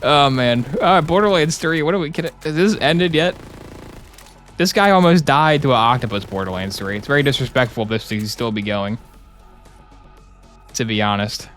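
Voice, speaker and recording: A man's voice: medium pitch, lively intonation, normal speed, fairly bright tone, faint music behind. Joking young male game streamer. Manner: joking, rambling, playful asides. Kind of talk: casual live-stream commentary while gaming.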